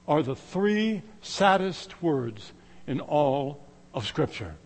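A middle-aged male preacher delivering a sermon with a high, very animated voice. He swings from loud, emphatic exclamations to hushed, drawn-out phrases. His voice rings with the long reverb of a church sanctuary.

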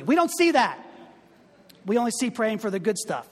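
A man's voice: sits high, very animated, moderate pace, breathy edge, in a large hall. A male pastor giving a conversational, humorous sermon full of asides.

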